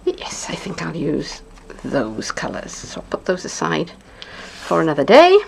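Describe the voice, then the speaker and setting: A woman's voice: low voice, wildly swooping pitch, unhurried, creaky, a little hiss or hum. A woman demonstrating card making in a casual craft tutorial, chatty and thinking aloud with playful asides. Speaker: papercraft demonstrator.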